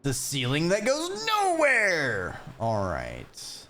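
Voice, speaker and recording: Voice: medium pitch, wildly swooping pitch, takes it slowly, pushed and bright, a little hiss or hum. A streamer rambling and joking to themselves during live gameplay commentary. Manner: rambling, joking self-talk.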